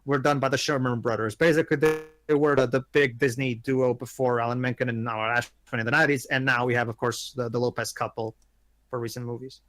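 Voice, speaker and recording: A man's voice: mid-range voice, steady tone, fast talker, fairly bright tone. A man hosting a casual group movie commentary, rambling and steering the others through the film. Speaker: commentary host.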